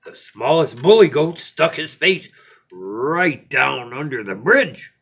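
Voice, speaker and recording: A man hosting a bedtime story show, reading a children's story in a playful, animated way. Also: mid-range voice, takes it slowly, gravelly, slightly rough.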